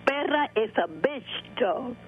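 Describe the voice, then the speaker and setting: A man's voice: very high voice, lively intonation, takes it slowly, voice pushed up, full character voice. A stern, scolding elderly woman in her seventies calls in over a tinny phone line with a faint hiss, as a man puts her on. She is insistent and indignant and will not back down. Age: 70s. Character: indignant 77-year-old woman caller, Spanish parents.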